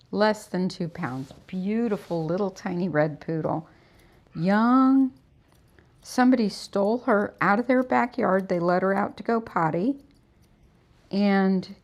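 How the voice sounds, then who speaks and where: A middle-aged woman with a medium-pitched, slightly mellow voice chats casually on a livestream as she grooms a dog at the salon, keeping it calm and telling stories.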